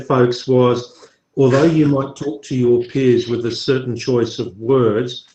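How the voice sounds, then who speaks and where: A man lecturing in an online class, measured and explanatory with some dry joking. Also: medium pitch, dark tone, echoey room, slight background noise, poor audio. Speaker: university lecturer.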